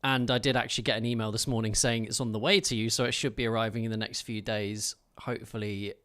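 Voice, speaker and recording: A man's voice: fairly low pitch, steady tone, quick pace, fairly bright tone. A man chatting playfully with his viewers while streaming gameplay, teasing and thanking them in a loose, talkative way. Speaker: game streamer. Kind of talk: live gameplay commentary and chat. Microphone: streaming microphone.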